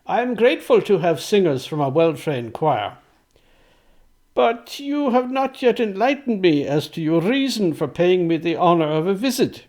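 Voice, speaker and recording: A man's voice: high-pitched, very animated, normal speed, a little mellow, pitched above the performer's own voice. A man reading aloud, voicing an earnest, courteous eighteenth-century composer in formal, old-fashioned speech.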